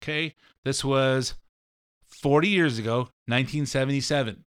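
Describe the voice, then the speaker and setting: A man's voice: medium pitch, moderate pace, clear, resonant tone. A middle-aged man hosting a show, talking through an opinionated monologue in a blunt, ranting way that often repeats itself. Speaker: show host.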